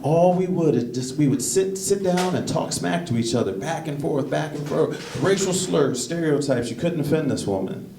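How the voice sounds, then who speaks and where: Gravelly stand-up comic in an echoey club. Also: male voice, animated, normal speed, hardly any pauses, recorded from a distance. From United States. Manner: rambling, self-correcting delivery with sudden high-pitched bursts. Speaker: stand-up comedian. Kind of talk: stand-up comedy set. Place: comedy club stage. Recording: echoey club recorded from afar, noisy. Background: audience laughter.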